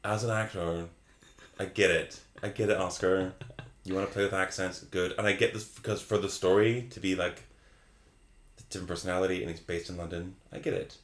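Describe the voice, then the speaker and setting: A man's voice: low-pitched, steady tone, a little fast, reverberant. A tipsy man from the United States co-hosting a podcast, chatting in a rambling way and correcting himself often, with an American accent. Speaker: podcast co-host. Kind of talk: casual chat.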